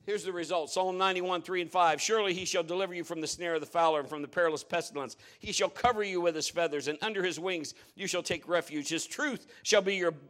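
Middle-aged male pastor, higher-pitched voice, emphatic sermon delivery with loud declarations and quiet asides. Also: quick pace, hardly any pauses.

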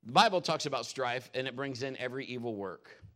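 A middle-aged man preaching a humorous sermon in a church, animated and jokey, laughing often and swinging between loud and soft. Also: medium pitch, brisk. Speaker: pastor.

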